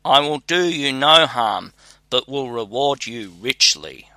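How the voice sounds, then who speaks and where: A giant male spirit let out of a bottle, coaxing and bargaining, as a man reads him aloud in a storybook. The voice is bright and crisp in tone, and slow and unhurried. It sounds dry and close. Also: medium pitch, animated, no echo, exaggerated voice.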